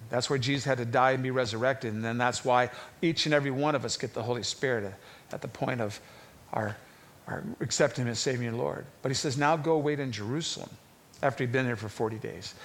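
A man's voice: medium pitch, fast. A man teaching through a Bible passage in a conversational sermon style, lifting his voice when he acts out the people he quotes. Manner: conversational, rising to animated voices for quoted figures.

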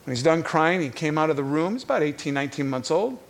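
Animated, higher-voiced male preacher. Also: quick pace, creaky. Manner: animated storytelling, repeats words. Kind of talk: sermon.

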